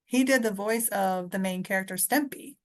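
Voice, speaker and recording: A woman's voice: mid-range voice, moderate pace. A woman co-hosting a podcast in casual chat, chatty and rambling, laughing often. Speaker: podcast co-host.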